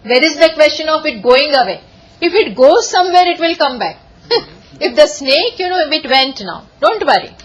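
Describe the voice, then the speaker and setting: Lady spiritual teacher, high voice, animated storytelling, laughs a lot. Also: normal speed, rough recording. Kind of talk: scripture lecture.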